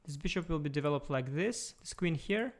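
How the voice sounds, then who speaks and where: Guy live streaming chess from home, chatty and playful, bit high pitched, talking to his viewers at the desk mic. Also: lively intonation, brisk. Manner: chatty, playful, talks to viewers while clicking around. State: tired, speaking softly at first. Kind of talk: casual live-stream chat. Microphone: desktop USB mic.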